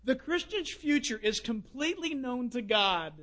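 A man preaching a sermon, telling folksy stories and swinging between loud bursts and hushed asides. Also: extremely high pitch, lively intonation, normal speed.

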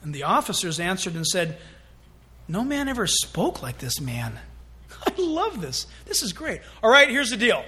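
A male pastor delivering a sermon in church. His voice sits very high for a man and rings bright and forceful. He talks animatedly, slipping into little acted-out voices. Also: unhurried. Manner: animated, acts out scenes in voices.

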